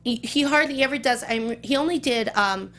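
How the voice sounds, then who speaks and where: Woman, interview guest, animated anecdotes, bursts of high pitch, somewhat high voice. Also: fairly quick. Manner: animated, acts out quotes with big pitch jumps. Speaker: guest actress.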